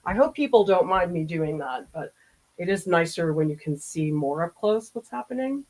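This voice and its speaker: A woman's voice: on the low side, lively intonation, moderate pace, darkish tone, poor audio. A middle-aged woman from the Boston area who teaches art, chatting casually and laughing as she paints during a live demo. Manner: chatty, laughs often, muses aloud while painting.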